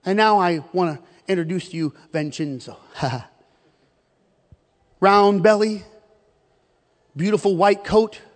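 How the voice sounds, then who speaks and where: A man delivers a sermon slowly with frequent pauses, his voice high for a man and trailing a long reverb from a large hall. His preaching is emphatic and story-driven, and he stumbles over repeated words as he drives his point home.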